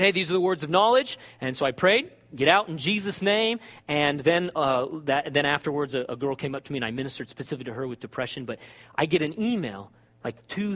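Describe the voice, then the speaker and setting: A man preaching a sermon as a pastor, telling stories with lively acted-out dialogue. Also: medium pitch, big-room sound. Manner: animated storytelling, acts out dialogue.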